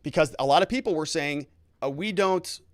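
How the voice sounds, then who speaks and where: A man's voice: on the high side, expressive, fast, no echo, studio quality. A man, a lawyer, hosting a casual livestream, talking through legal news and reading viewer comments in a conversational, hedging way.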